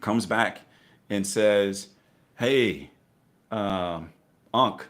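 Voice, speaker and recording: A man's voice: on the low side, extremely slow, a bit bright. A middle-aged man telling his investing story in a casual interview, acting out voices with laughter. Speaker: guest investor.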